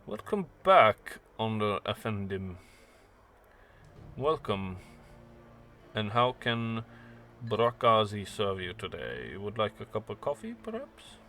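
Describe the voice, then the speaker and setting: A man's voice: on the low side, wildly swooping pitch, slow, pauses often, bright, forceful tone, slight background noise, heavily acted. A man voicing a courtly male information broker who speaks in a polite, ornate way. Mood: courteous.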